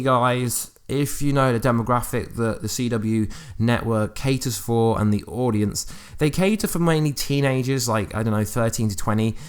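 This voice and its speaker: A man hosting his own fan channel, talking at a middling pitch. He reads quotes out and then thinks aloud about them, with plenty of ums and restarts. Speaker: YouTube fan channel host. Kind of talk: casual commentary on TV news.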